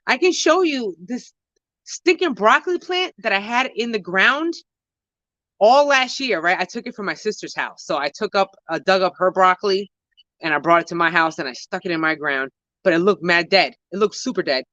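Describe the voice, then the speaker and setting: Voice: mid-range voice, expressive, normal speed, sharp tone, dry recording. Slangy new gardener rambling outside on a phone cam, kinda muffled lo-fi sound. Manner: rambling, slangy, self-correcting. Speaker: gardening vlogger answering viewer questions. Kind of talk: casual chat. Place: outdoor home garden. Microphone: handheld phone camera while walking.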